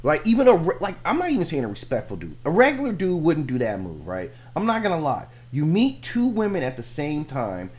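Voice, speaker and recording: A man's voice: a little high, huge pitch swings, a little fast, few pauses, darkish tone. A man hosting a reaction video, giving frank, rambling commentary and repeating himself as he makes his points. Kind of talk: casual commentary.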